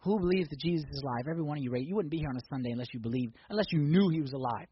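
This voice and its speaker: A man preaching a sermon in a church, swinging from hushed intensity to loud, excited exhortation. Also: on the high side, racing, highs cut off, slight background noise. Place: church sanctuary.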